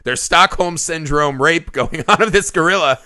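Bright-voiced joking man. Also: on the high side, moderate pace. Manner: joking, swearing, laughs often. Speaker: podcast co-host. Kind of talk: casual movie chat.

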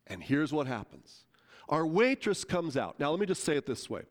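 Animated man telling a sermon story. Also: a little high, normal speed. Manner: animated, conversational, acts out quotes. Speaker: pastor.

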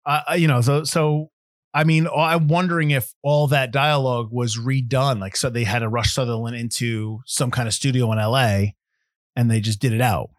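A man's voice: mid-range voice, moderate pace, dry recording. Man, podcast host, casual film chat, rambling restarts, dry studio mic. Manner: rambling, animated storyteller with many restarts.

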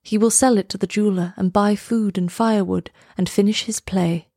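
A woman reading aloud voices a gentle, sorrowful male statue prince in a soft, solemn, measured tone. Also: medium pitch, fairly even intonation, no echo, studio quality, natural voice.

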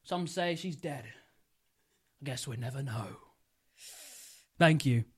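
A man's voice: mid-range voice, slow pace, husky. A young man, co-hosting a podcast, rambling and giggling as he makes up a silly story. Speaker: podcast co-host. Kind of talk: casual podcast chat, improvised storytelling.

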